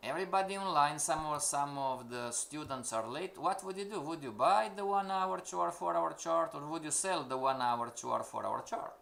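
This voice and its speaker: A man's voice: a little high, fairly quick, creaky, hardly any pauses, a bit bright. A man teaching a live-streamed trading class, emphatic and questioning, repeating his points to the students. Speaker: forex trading instructor.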